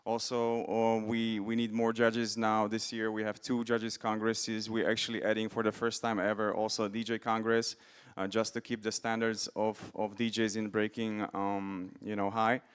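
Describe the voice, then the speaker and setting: Low, flat, smooth-voiced panel official. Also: male voice, moderate pace. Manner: matter-of-fact, with many fillers. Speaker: breaking division official. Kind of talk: conference panel remarks.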